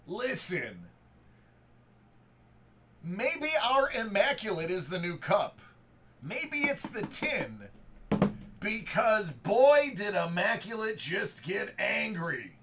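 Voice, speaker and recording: A man hosting a live sports card break, reading out cards and serial numbers and erupting into hype shouts. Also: high voice.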